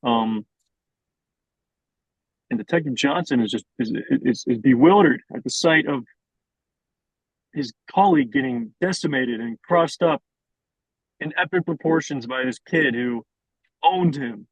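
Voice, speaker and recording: Young man co-host, slow halting improv narration, dull dry recording. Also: mid-range voice, expressive, vocal fry, husky, dry recording. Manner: hesitant, filler-heavy narration. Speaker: podcast co-host. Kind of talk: improvised storytelling.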